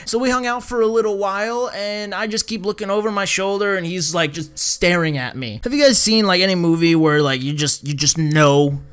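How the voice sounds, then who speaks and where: A man in his twenties telling a rambling, animated story to camera, acting out the other people's lines as he goes. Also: high voice, fairly quick, hardly any pauses, clear, resonant tone. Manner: rambling and animated, with many restarts. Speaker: vlogger. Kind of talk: storytime vlog.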